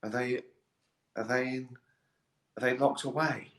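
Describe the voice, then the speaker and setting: A man putting on the voice of a gentle, puzzled elderly male nature presenter who talks slowly. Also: medium pitch, steady tone. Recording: echoey bathroom.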